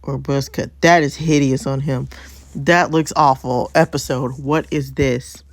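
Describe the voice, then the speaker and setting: A woman's voice: rumbling low, fairly even intonation, measured pace, no echo. A woman hosting a casual let's-play, chatty and thinking aloud with frequent ums and laughs. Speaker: gaming channel host.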